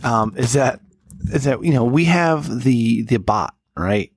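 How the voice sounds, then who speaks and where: Tipsy, rambling, lively podcast man. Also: medium pitch, unhurried. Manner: rambling, profane, restarts often. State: tipsy from drinking. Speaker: podcast co-host. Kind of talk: casual podcast banter.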